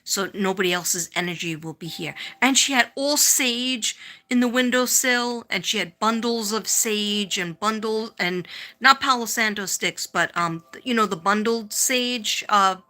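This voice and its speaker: A woman's voice: fairly high pitch, unhurried, pushed and bright. A middle-aged woman with a New York accent, rambling casually as she hosts a psychic livestream and greets her viewers by name.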